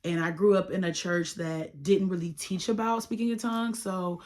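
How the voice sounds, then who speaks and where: Young woman telling her story, slightly low. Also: normal speed. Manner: animated, quotes others in dialogue, addresses viewers as y'all. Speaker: YouTuber sharing her testimony. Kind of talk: casual storytelling to camera.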